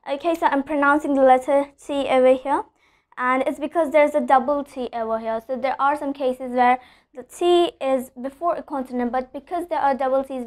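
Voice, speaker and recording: High-voiced woman teaching pronunciation. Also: a little mellow. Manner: explanatory, repeats with "okay?", slows down for example sentences. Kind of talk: online English lesson.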